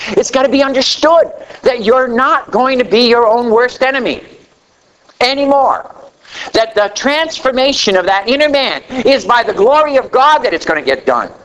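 A middle-aged man preaching a sermon, telling a story with animated delivery that swings between loud emphasis and quiet asides. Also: normal speed, low-quality recording. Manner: animated storytelling preacher, rising to a near shout then dropping low.

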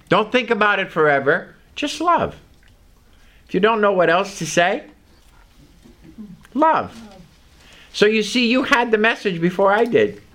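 A male preacher with a high, bright voice that swoops up and down, delivering a sermon. He takes his time, leaning hard on single words and stretching out phrases for emphasis.

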